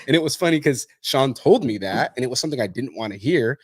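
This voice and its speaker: A man's voice: medium pitch, fast talker, few pauses, no room sound, studio quality. A man hosting an interview, a coach who talks bluntly and swears freely. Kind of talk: casual interview chat.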